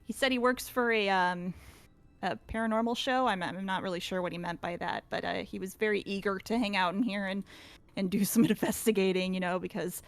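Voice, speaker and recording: A woman's voice: mid-range voice, steady tone, a little fast. A woman narrating as game master in a tabletop role-play, hesitant and full of fillers. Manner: hesitant, full of ums, laughing easily.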